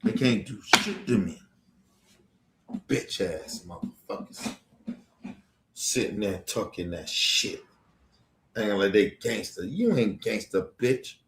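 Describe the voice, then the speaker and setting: A man's voice: on the low side, animated, measured pace, noisy background. A man delivering an angry, profane, threatening rant as a livestream host. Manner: profane, heated, threatening, repetitive. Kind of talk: angry ranting monologue. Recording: echoey room.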